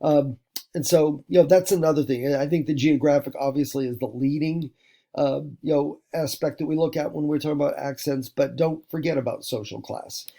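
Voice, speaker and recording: A man's voice: a little high, steady tone, a little fast, vocal fry, warm tone. A man from the United States, teaching a recorded lesson in a rambling way with many fillers and restarts. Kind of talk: recorded classroom lecture.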